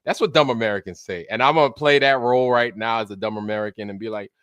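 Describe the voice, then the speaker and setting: His voice is fairly low, fast, smooth and fairly bright, recorded without echo. He's a livestream host from Brooklyn, New York, casually greeting his audience in a loose, profane way and dropping into put-on voices.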